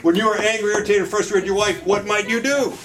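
A middle-aged man with a slightly raised voice leads a marriage workshop in a humorous lecture style. He peppers his points with jokes and keeps asking the room "right?". A live audience is clearly heard around him. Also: sits high, fairly even intonation, fast, crowd noise. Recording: live talk with audible audience. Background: live audience reacting.

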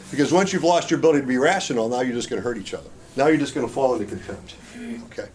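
A man's voice: medium pitch, rapid-fire, a little mellow. Folksy middle-aged man lecturing a crowd. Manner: folksy and joking, keeps checking in with the audience. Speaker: marriage seminar speaker. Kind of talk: conversational lecture to an audience.

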